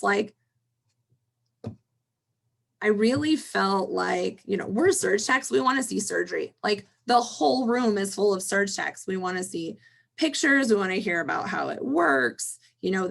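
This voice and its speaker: A woman's voice: mid-range voice, creaky. A woman instructor leading an online class discussion in a chatty manner, laughing easily, over a video call.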